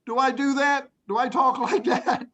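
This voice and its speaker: A man teaching English writing to a class of young students, playful and animated, acting out examples and hushing the class now and then. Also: very high-pitched, moderate pace, lo-fi sound. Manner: playful, animated, acts out examples in little voices; talks to young students, often hushes the class. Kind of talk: classroom lesson to children.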